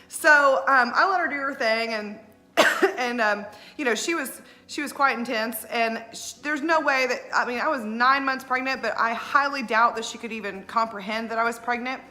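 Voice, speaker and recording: Lady in her 40s telling wedding stories, bright sharp voice, acts out everyone, laughs a lot. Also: fairly high pitch, normal speed. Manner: animated, laughs often, acts out what others said. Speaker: wedding planner. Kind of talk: casual storytelling.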